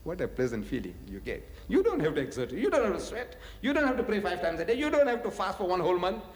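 Animated man preaching in echoey hall. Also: high voice, fast. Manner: animated, rhetorical questions, chuckles often. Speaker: religious lecturer. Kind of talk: preaching lecture to an audience.

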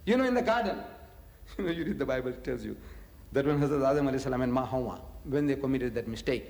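A man giving a religious lecture, animated and full of rhetorical questions, chuckling often. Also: medium pitch, quick pace, gravelly. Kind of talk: preaching lecture to an audience. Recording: echoey hall reverb.

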